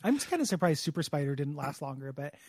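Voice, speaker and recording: A podcast co-host in casual chat, cracking deadpan punning jokes. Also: mid-range voice, fast talker, slightly rough, no echo, studio quality.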